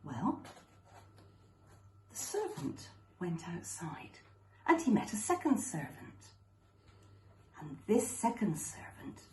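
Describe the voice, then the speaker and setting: Slow expressive woman storyteller. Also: lowish voice. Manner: slow, expressive, clearly paced for children. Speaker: storyteller at a school assembly. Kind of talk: children's story reading. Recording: roomy echo.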